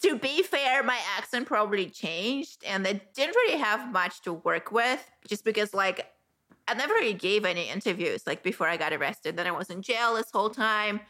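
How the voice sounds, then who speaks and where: A woman's voice: mid-range voice, animated, normal speed, bright, forceful tone. A woman with a German accent hosting a casual interview, giggling often and hesitating with fillers. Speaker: host.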